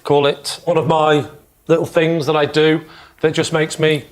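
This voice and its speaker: A man telling comic stories as a team captain on a panel show, deadpan and quick-witted. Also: a little high. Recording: studio audience laughter and noise.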